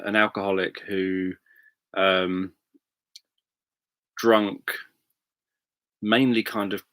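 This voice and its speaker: A man's voice: low-pitched, a bit bright, no echo. A man, a hypnotherapist chatting casually on a livestream, thinking aloud with many fillers. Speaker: hypnotherapist answering viewer questions.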